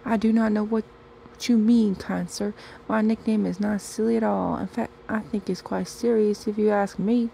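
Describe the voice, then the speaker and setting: A woman voicing a brash, lovesick country woman, loud and insistent. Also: mid-range voice, steady tone, moderate pace, creaky, a little hiss or hum. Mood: indignant.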